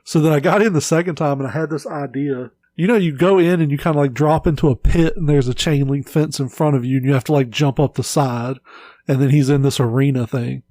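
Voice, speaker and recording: A man's voice: on the high side, brisk, warm tone, no room sound. A man hosting a casual podcast, telling stories in a laid-back, rambling way with lots of filler words. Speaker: podcast host. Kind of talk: casual chat.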